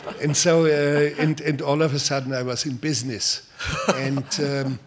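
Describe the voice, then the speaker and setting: An older man from Germany with a German accent, answering audience questions at a public talk in a measured way, full of pauses and repeated words. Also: medium pitch, flat delivery, a little hiss or hum.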